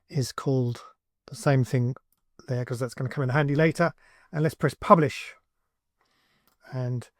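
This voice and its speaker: A man hosting a software tutorial, talking casually and thinking aloud with fillers as he builds something on screen. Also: mid-range voice, no room sound, studio quality. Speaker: tutorial host, agency owner.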